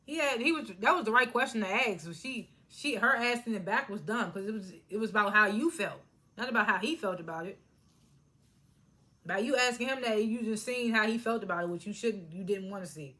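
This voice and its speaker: A woman hosting a casual recap of a reality TV episode, talking in an excitable, slangy way and often restarting her sentences. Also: mid-range voice, a little fast. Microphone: tablet propped on a charger.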